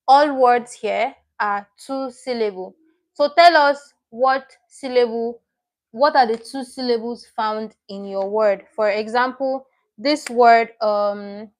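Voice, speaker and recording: A woman with a slightly high voice teaches a live online class. She talks in a chatty way, repeats words and corrects her own slips as she goes. She reads out viewers' names and comments. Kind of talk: live-stream lesson.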